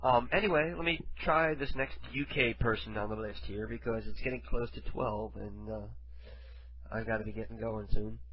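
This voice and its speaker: A man's voice: on the low side, moderate pace, highs cut off. A man hosting a radio show, chatting casually between prank calls in a rambling, crude, laughing way. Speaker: radio host.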